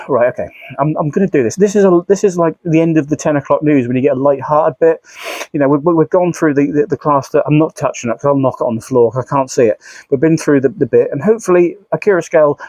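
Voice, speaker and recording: A man's voice: fairly high pitch, darkish tone, no echo. A man, a model railway YouTuber, chatting casually in a rambling, self-mocking way with frequent sighs. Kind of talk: casual vlog chat.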